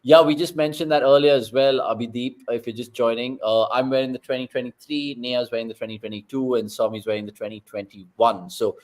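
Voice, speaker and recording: A young man hosting a live cricket watchalong, joking around and bursting into loud excitement at big moments. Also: mid-range voice, a little fast, hardly any pauses. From India. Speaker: watchalong host.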